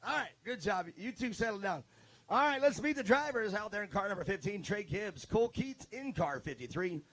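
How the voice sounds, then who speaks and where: A man's voice: high-pitched, expressive, fairly quick, a bit bright, no room sound. A man doing live trackside announcing at an outdoor race, joking and chatting with drivers and crews into a handheld mic.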